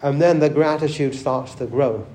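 A man's voice: fairly high pitch, moderate pace, dark tone, echoey room. A man preaching a sermon, conversational, often asking the church rhetorical questions and repeating words as he restarts. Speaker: pastor.

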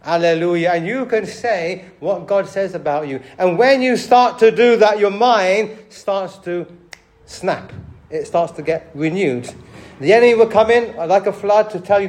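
A man preaching a passionate sermon to his church, swinging between loud exhortation and low, intimate asides. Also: unhurried. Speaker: pastor.

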